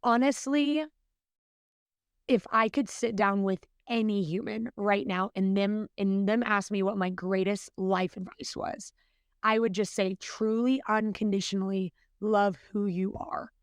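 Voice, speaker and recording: A woman's voice: medium pitch, fairly even intonation, unhurried, smooth, no echo, studio quality. A young adult woman, a podcast guest, talking in an earnest, chatty way with lots of fillers. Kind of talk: casual podcast interview.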